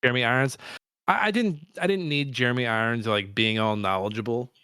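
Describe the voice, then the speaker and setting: A man co-hosting a casual movie review podcast, excitable and swearing for emphasis. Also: medium pitch, fairly quick, smooth, dry recording, studio quality. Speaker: podcast co-host. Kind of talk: casual film review chat.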